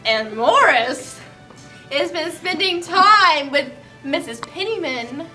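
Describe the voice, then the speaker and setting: A woman's voice: sits high, expressive, slow pace, over music. A woman casually retelling a play's plot in a chatty, giggly way. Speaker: comedic storyteller.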